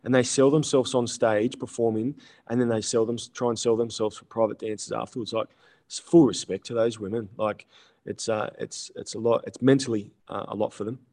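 A man's voice: mid-range voice, steady tone, fairly quick, dark tone. A young man with an Australian accent, chatting casually as a podcast guest, rambling with lots of fillers and restarts. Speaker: guest, male stripper.

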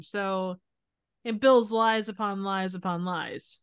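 A woman's voice: medium pitch, measured pace, fairly bright tone, clear, resonant tone. A woman co-hosting a podcast, chatting casually and making emphatic points. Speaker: podcast co-host. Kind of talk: casual chat.

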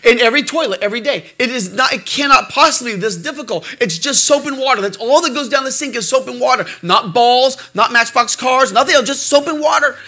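A man preaching a sermon as pastor, emphatic but halting, with many filler sounds and repeated words. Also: very high-pitched, sharp tone.

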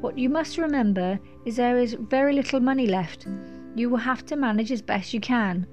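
Impatient old lawyer voiced by a woman, curt and snappish, slightly high. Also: moderate pace, darkish tone, lo-fi sound, faint music behind, lightly acted. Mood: knowing. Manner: snappish, brusque, clipped.

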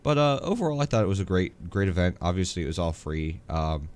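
A man from Arizona with a lowish voice, chatting on a sports podcast. He talks in an easygoing, agreeable way and leans on plenty of uh and um fillers. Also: sing-song, quick pace, a little mellow. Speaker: podcast co-host. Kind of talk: casual chat.

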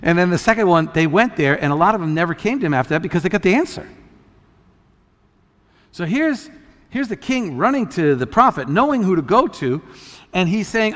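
A man preaches as a pastor, his voice sitting a little high for a man, with a long reverb trailing behind him. He talks in a loose, conversational way full of restarts, then climbs to loud, emphatic peaks. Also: very animated, fairly quick, long pauses. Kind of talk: sermon.

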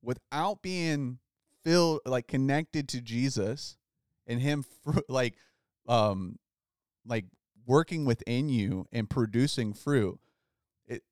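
A man hosts a podcast and talks through scripture in a laid-back, conversational way, peppering his speech with "like." His voice is smooth and resonant, mid-pitched, and recorded dry with no room sound. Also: slow, no echo. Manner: relaxed, says "like" often, reads scripture aloud. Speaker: podcast host. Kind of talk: casual Bible study chat.

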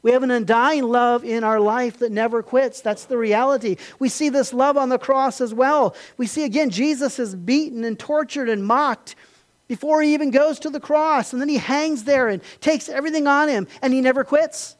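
A man preaching a sermon, building to emphatic peaks and then dropping to quiet retelling. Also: very high-pitched, normal speed. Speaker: pastor.

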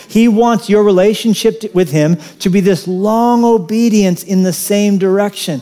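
A man preaching a sermon in an animated, conversational way, with casual asides to the congregation. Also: high-pitched, moderate pace, hardly any pauses. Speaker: pastor.

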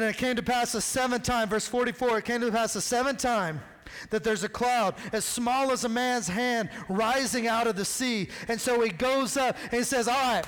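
A male pastor with a notably high voice delivers a sermon. He tells the story in an animated, casual way and slips into the characters' dialogue. His voice rings out with the long reverb of a large hall.

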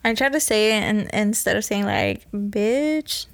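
A woman's voice: medium pitch, huge pitch swings, normal speed, gravelly. A young woman co-hosting a podcast, chatting casually and telling stories, slipping into Spanish now and then. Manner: chatty, storytelling, drops into Spanish. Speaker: podcast co-host. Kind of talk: casual chat.

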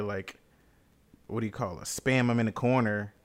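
A young man chatting casually and easily with a friend, in a relaxed, slangy way. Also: medium pitch, normal speed. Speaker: friend in a podcast chat. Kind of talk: casual chat.

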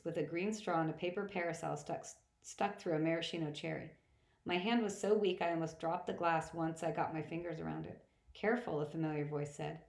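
A woman reading first-person novel narration aloud in a plain, steady manner. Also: fairly low pitch. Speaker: audiobook reader. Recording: roomy echo.

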